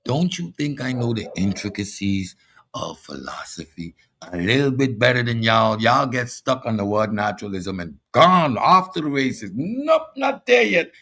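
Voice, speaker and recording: A man's voice: fairly low pitch, lively intonation, normal speed, pushed and bright, a little hiss or hum. A man with a Caribbean accent hosting a combative philosophy monologue, boastful and mocking toward his audience. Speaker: host.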